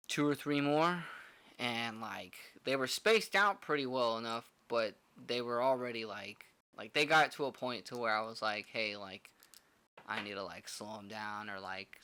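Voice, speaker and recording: Profane young bartender telling stories. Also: male voice, medium pitch, pushed and bright, no room sound. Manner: profane, rambling with many "like" fillers. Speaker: podcast co-host, bartender. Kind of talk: casual storytelling chat.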